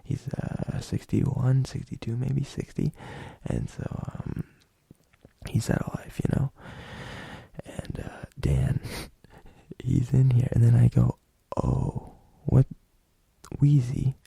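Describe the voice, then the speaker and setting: A man's voice: medium pitch, takes it slowly, vocal fry, warm tone, breathy edge, dry recording. A young adult man telling a long, rambling story in a loose, profane, casual way, full of fillers. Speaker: podcast host.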